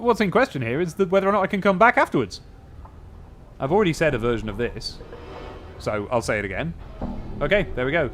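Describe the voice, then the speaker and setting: A man playing a role-playing game, reading its text aloud and thinking through his choices in a casual, musing way. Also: mid-range voice. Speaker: let's play host.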